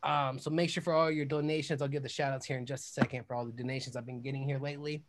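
A young man hosting his own podcast, talking in a loud, hyped-up style with whoops and shout-outs. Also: little pitch movement, racing, a little hiss or hum. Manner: high-energy hype with whooping shouts. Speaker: podcast host. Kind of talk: hyped podcast intro and self-promotion.

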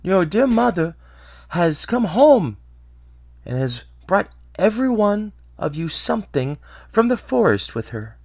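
A man's voice: high voice, very animated, measured pace, creaky, darkish tone, no echo, pitched above the performer's own voice, full character voice. A man doing a sly wolf faking a sweet voice. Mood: coaxing.

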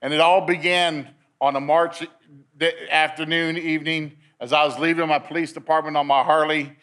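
A man's voice: a little high, steady tone, moderate pace, a bit bright. A man giving a personal testimony at a men's meeting, telling his story in a storytelling way and repeating words as he gets caught up in it.

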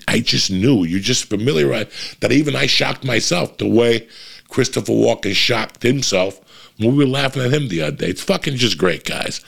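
A middle-aged comedian on his own podcast delivers a blunt, profane, fired-up motivational rant. His gravelly voice is mid-range and a bit bright.

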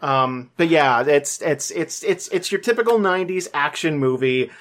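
Woman podcast co-host, low voice that swings widely, rambling and animated, fillers and swearing. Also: moderate pace. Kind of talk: casual chat.

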